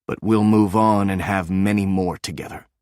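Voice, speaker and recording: A loyal, protective man speaks firmly and with a solemn air. A male narrator plays him in his own low register, recorded close and dry. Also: fairly even intonation, moderate pace, a little mellow, clear, resonant tone, no echo, natural voice. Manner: firm, solemn.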